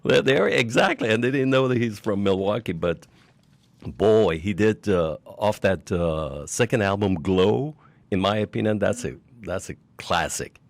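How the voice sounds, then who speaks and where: An older man hosting a radio interview, rambling with pauses and gushing with praise. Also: on the low side, dry recording. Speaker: radio show host.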